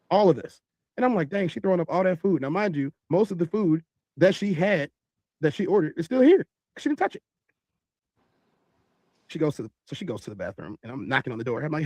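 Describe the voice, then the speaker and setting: A man telling a long story in animated style, acting out other people's voices. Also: on the high side, no room sound. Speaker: podcast host telling a story.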